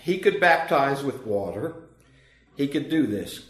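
A man's voice: mid-range voice, very animated, measured pace, roomy sound. A man preaching a sermon as pastor, earnest and emphatic, with swelling and dropping emphasis.

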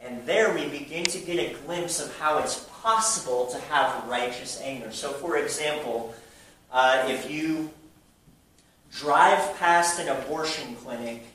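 Speaking at an unhurried pace, this pastor has a fairly high, slightly bright voice as he delivers an emphatic sermon packed with rhetorical questions. The recording captures him at a distance in a highly reverberant church sanctuary, with a little background noise.

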